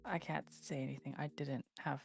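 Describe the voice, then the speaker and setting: A woman's voice: extremely low pitch, fairly even intonation, moderate pace, creaky, soft background music. A woman co-hosting a game stream, chatting casually, teasing and laughing often. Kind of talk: casual chat.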